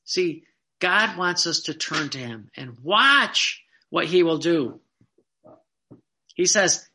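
Earnest preacher with a bright, forceful tone, pressing the congregation with questions. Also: medium pitch, lively intonation, slow pace. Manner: earnest, asks the listeners direct rhetorical questions; tells personal anecdotes with quoted back-and-forth dialogue. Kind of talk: sermon.

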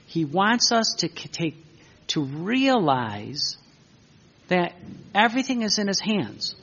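Man, husky and fairly high voice, leads a loose spiritual talk to a group; wanders, corrects himself, jokes; dull lo-fi recording. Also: animated, moderate pace, pushed and bright. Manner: rambling, self-correcting, joking asides. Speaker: religious group teacher. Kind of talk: informal spiritual talk with anecdotes. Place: room with a seated group.

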